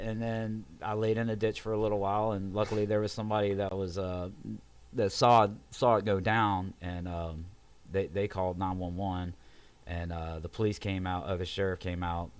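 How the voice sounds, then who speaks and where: Young man, low-pitched, casual storyteller who acts out every voice. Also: moderate pace, clear, resonant tone. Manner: animated, acts out quoted voices, swears. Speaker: podcast guest telling a story.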